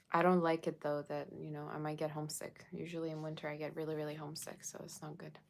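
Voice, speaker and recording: A woman's voice: deep voice, little pitch movement, moderate pace, vocal fry, long pauses. A woman reading tarot for her viewers in a casual, chatty way, checking in with them often. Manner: chatty, addresses viewers with frequent "okay?". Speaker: tarot reader.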